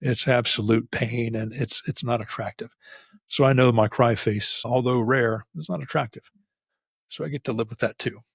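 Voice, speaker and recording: A man's voice: mid-range voice, steady tone, moderate pace, vocal fry, breathy edge, no echo, clean studio sound. A middle-aged man hosting an unscripted solo podcast episode, telling stories candidly and rambling with frequent restarts. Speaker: podcast host. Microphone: facing camera, close mic.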